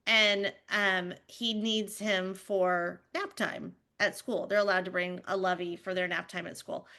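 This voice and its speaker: Bright, animated mom telling stories. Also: female voice, mid-range voice. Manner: animated storytelling with many fillers. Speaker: podcast co-host. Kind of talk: casual chat.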